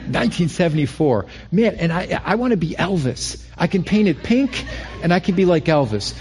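A man's voice: sits high, expressive, normal speed, a little mellow. A middle-aged man preaching a sermon in a conversational way, often restarting phrases and building emphasis. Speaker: pastor.

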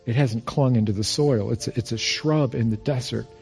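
A male pastor preaching a sermon, telling stories with emphasis and going quiet on key phrases. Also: mid-range voice, normal speed, gravelly, soft background music. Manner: storytelling, quotes others in lively voices.

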